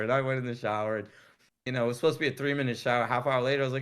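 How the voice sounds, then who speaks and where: A man's voice: mid-range voice, animated, fast, a bit bright. A middle-aged man telling long stories in casual conversation, rambling and cursing freely. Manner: rambling, profane, laid-back storytelling. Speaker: guest.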